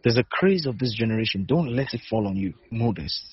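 A man's voice: mid-range voice, animated, fairly quick. A man preaching a sermon as a pastor, repeating short exhortations and asking his listeners if they are listening. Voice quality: husky. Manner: repetitive, emphatic exhortation with rhetorical questions. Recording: dull lo-fi recording.

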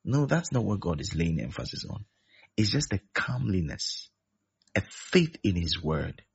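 A man's voice: low voice, very animated, a little slow, gravelly, husky. A man preaching a sermon, emphatic and repeating his key phrases. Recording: dull lo-fi recording.

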